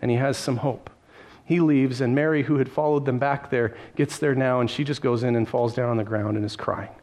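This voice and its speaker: A man's voice: medium pitch, steady tone, brisk, darkish tone. A man preaching a sermon, retelling a story vividly and addressing listeners directly, with frequent restarts. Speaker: pastor.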